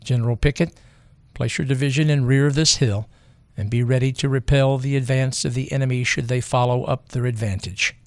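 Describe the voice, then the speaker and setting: A man voicing an older general who speaks calmly and gravely, low and quiet, taking the blame on himself. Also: moderate pace, no echo, lightly acted. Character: older male general, calm, grave, remorseful.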